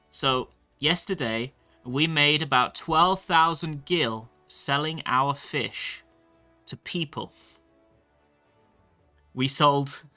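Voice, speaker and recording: A man's voice: medium pitch, pushed and bright. A male streamer chatting casually about his game and reading chat messages aloud. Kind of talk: live-stream gameplay commentary.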